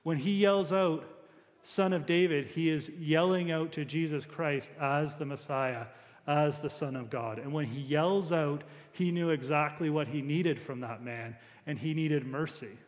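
A man's voice: on the high side, a little slow. Conversational male preacher in a reverberant hall. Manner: conversational preaching with frequent restarts. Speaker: pastor. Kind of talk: sermon.

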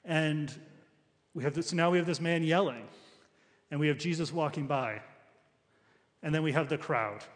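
A man delivers a sermon in an easygoing, conversational way, often restarting his sentences as he works through a passage. His voice sits a little high for a man. The sound rings with the long reverb of a large church hall. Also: normal speed, long pauses. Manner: conversational preaching with frequent restarts. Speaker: pastor.

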